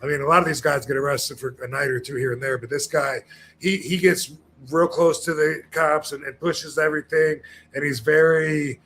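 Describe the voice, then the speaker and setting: Casual podcast talker, man, fairly high voice, rambly with restarts, faint background noise. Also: steady tone, moderate pace, fairly bright tone. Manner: rambling, many fillers and restarts, acts out quoted people.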